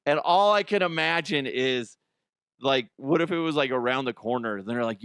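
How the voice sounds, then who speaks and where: A man's voice: mid-range voice, expressive, moderate pace, fairly bright tone, smooth, no echo, clean studio sound. A middle-aged man hosting a comedic news show, rambling, laughing often and making crude jokes. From Colorado, US. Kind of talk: casual comedic news commentary. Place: studio.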